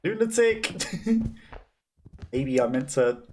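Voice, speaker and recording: A man's voice: medium pitch, lively intonation, unhurried, slight background noise. A man with a Black Country accent giving chatty, self-deprecating commentary while playing a game and laughing often. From West Midlands, England. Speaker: gamer. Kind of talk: let's play commentary.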